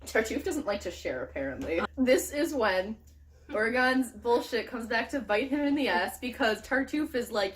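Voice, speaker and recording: A young adult woman giving a casual, sarcastic rant review, retelling the plot with quick playful voices. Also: fairly high pitch, expressive. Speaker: book reviewer.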